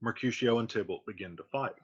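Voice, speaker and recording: A man's voice: lowish voice, fairly quick, husky, muffled recording. A man teaching, casually retelling a play in plain, conversational words.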